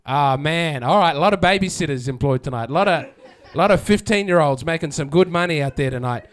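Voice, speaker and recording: A stand-up comedian works a live audience at a comedy venue, delivering a sardonic set where he chats with the crowd and acts out quotes. His voice is on the high side, animated and fairly quick.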